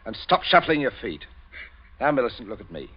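A man's voice: mid-range voice, big pitch swings, a little fast, husky, muffled recording. An actor playing a stern, domineering father and village magistrate who interrogates his daughter in a commanding, cold manner, in an old radio drama.

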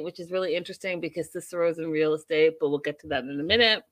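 A woman's voice: sits low, fast talker. A woman hosting a reality TV recap show, chatting casually and acting out the cast's lines with lots of expression. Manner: animated, acts out the cast's lines, laughs often.

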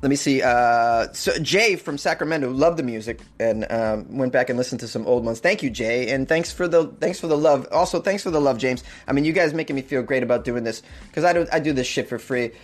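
A young man with a medium-pitched voice hosts a casual comedy news podcast from his hot apartment. He talks a little fast with few pauses, rambling along and laughing often at his own jokes.

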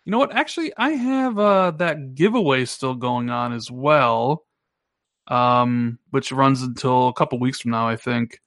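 A man co-hosting a gaming podcast, talking in a casual, teasing way and jumping up in pitch when he jokes. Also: a little slow, no echo, studio quality. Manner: animated, teasing, pitch jumps up when joking. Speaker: podcast co-host.

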